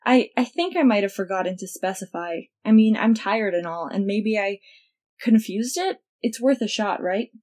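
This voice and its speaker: A woman's voice: medium pitch, animated, moderate pace, a little mellow, close to an everyday voice. A woman voicing a nervous, embarrassed teenage boy wizard who stammers and hesitates. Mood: sheepish.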